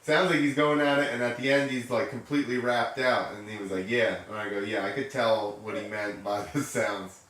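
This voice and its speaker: A man's voice: medium pitch, steady tone, fairly quick, hardly any pauses, a bit bright. A man from New Jersey hosting a podcast, chatting in an easygoing way and swearing casually. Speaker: podcast host. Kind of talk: casual interview chat. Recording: far from mic in a very echoey room.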